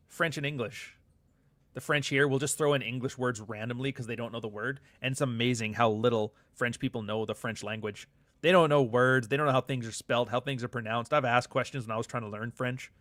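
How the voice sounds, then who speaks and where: A man's voice: mid-range voice, a little fast, fairly bright tone, dry recording. A middle-aged man hosting a live show, chatting casually with viewers and reading their comments in a loose, profane, joking way. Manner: loose, profane, joking banter with frequent asides.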